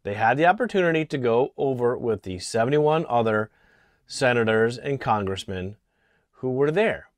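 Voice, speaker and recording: A man from Connecticut giving an indignant political opinion monologue, halting and restarting often, clearing his throat from allergies. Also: mid-range voice, animated, no room sound. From Connecticut, USA. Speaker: political vlogger. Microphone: small camera mic.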